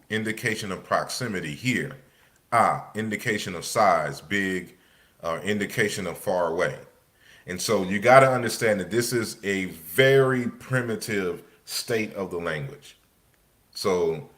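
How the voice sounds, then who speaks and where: Deep voiced guy, lecturing off slides, loose and chatty with lots of restarts. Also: a bit bright. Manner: loose and conversational, many restarts and fillers.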